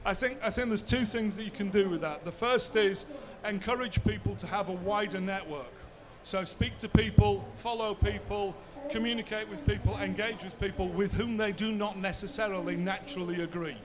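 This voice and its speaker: A man's voice: high voice, moderate pace, few pauses, crowd noise. A man, giving a conversational conference talk and answering his own rhetorical questions. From Bradford, England. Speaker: seminar speaker.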